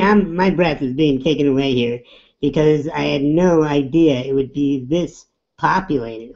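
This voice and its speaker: Male webinar host, middle-aged, easygoing and upbeat; slow, mellow delivery on dull lo-fi web audio. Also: a little high. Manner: upbeat, chatty, reads out names. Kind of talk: casual webinar welcome.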